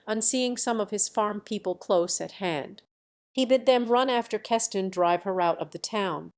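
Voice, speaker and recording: A woman narrating an old fairy tale for an audiobook. Her reading is lively and expressive, carrying the story from scene to scene. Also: medium pitch, moderate pace. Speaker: audiobook reader.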